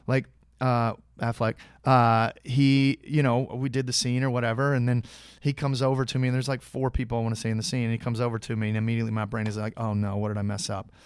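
A man's voice: mid-range voice, little pitch movement, quick pace, smooth, no room sound, clean studio sound. A man, an actor guest, casually telling a long anecdote with frequent restarts and acted-out quoted dialogue. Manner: rambling, many restarts, acts out quoted dialogue.

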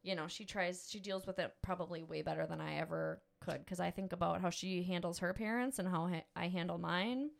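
A woman in her thirties, hosting a casual chat and telling animated stories, acting out the voices in them. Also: on the low side, a little fast, vocal fry, hardly any pauses. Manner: animated storyteller, acts out voices. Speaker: podcast host, mother.

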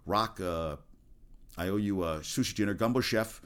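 A man's voice: fairly low pitch, normal speed. A man hosting his own sports show in a casual, rambling rant, blunt and profane, with faint music behind.

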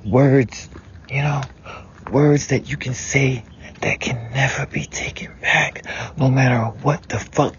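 Profane man venting in a hushed voice. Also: medium pitch, steady tone, slow. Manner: profane, emotional, often dropping to a whisper. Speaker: speaker venting about family. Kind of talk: raw personal monologue. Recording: dull lo-fi sound with background noise.

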